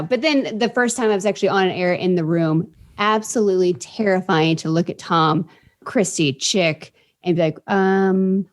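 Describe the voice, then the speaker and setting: A woman guest in a casual interview, telling quirky, bubbly stories. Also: on the low side. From Indianapolis, US. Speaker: podcast guest.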